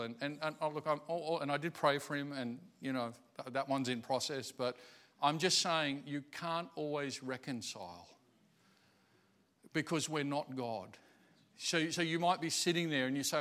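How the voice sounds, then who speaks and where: A male pastor telling a personal story in a sermon, confessional and halting, often repeating words as he searches for them. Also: a little high, animated, fairly bright tone.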